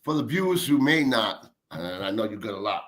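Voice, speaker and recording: A man's voice: fairly low pitch, very animated, a little fast, a bit bright. A male host interviewing a guest over a video call, cheering him on with short replies. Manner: encouraging, chimes in with short replies.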